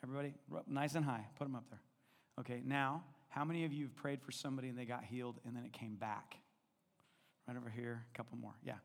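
A man's voice: mid-range voice, fairly even intonation, fast talker, gravelly. A male pastor telling a personal story in a sermon, conversational and self-deprecating, acting out the dialogue as he goes. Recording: long reverb in a large hall.

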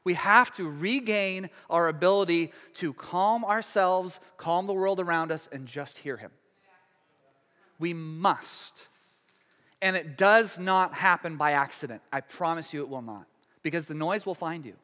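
High, bright-voiced preacher in a reverberant hall. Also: male voice, measured pace. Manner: conversational preaching with frequent restarts, dramatic hushed drops. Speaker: pastor. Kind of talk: sermon.

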